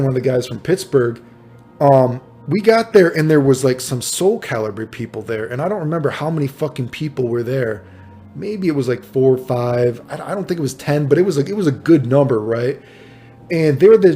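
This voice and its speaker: A man at a mid-range pitch with a mellow, darker tone, telling a rambling story in a casual, profane way. He keeps tossing in "dude" and "right?" and jumps into loud, exasperated bursts when quoting people. Faint music plays underneath. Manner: profane, animated, full of fillers like "dude" and "right?"; acts out quoted exchanges in raised, exasperated bursts. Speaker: fighting game player telling tournament stories.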